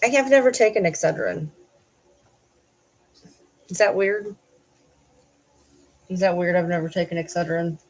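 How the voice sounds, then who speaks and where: A woman's voice: lowish voice, measured pace, pauses often, a little mellow, poor audio. A young woman vlogger chatting casually on a livestream, talking to viewers and baby-talking to her dogs.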